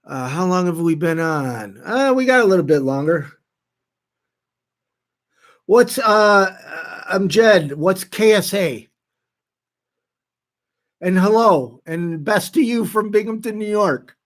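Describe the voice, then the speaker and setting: Guy on a livestream chatting w/ viewers, kinda high voice, slow and stop-start. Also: lively intonation. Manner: halting, many restarts, greets commenters. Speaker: livestream host reading chat. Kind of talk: casual live chat.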